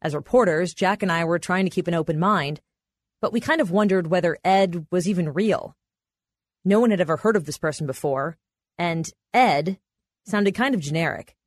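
Low-voiced woman reporter narrating, dry sound. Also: no room sound. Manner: measured, matter-of-fact storytelling. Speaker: reporter and podcast host. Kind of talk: scripted narration.

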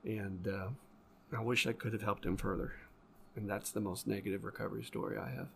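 A man's voice: on the low side, flat delivery, fairly quick, gravelly, fairly bright tone, a little hiss or hum. A man hosting a casual podcast conversation as an addiction counselor, swearing heavily as his passionate storytelling flares into angry rants. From lives in Florida.

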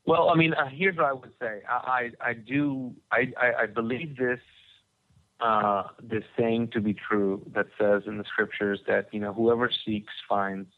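A man's voice: medium pitch, steady tone, a little slow. A man telling his story as a podcast guest, rambling with many restarts and repeated words. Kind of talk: conversational testimony. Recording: tinny phone-like line.

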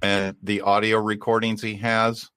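A man hosting a podcast, explaining things in relaxed casual chat. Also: on the low side, unhurried, smooth, no room sound. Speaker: podcast host.

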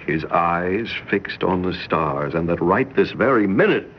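An actor playing a paranoid, strict middle-aged father in a 1950s radio drama, urgent and lively. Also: sits low, measured pace. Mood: frantic. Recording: dull old radio broadcast with hiss.

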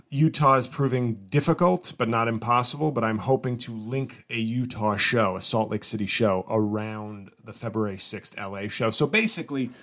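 A man's voice: medium pitch, a bit bright. A man hosting his own comedy podcast from a home studio, talking casually and rambling with lots of restarts. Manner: rambling, self-interrupting, mock-whiny when imitating fans. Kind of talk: casual solo podcast monologue.

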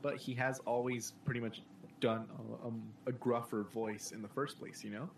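A man's voice: mid-range voice, fairly even intonation, moderate pace. Casual man, distant mic, typing behind. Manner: rambling, fillers, laughs between remarks. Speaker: podcast co-host. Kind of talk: casual chat. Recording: distant mic with clear keyboard noise.

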